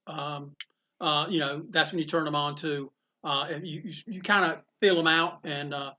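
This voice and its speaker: A man, a comic shop owner, telling animated stories in a casual interview and acting out the voices of people in them. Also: a little high. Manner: animated storyteller, acts out quotes, laughs often.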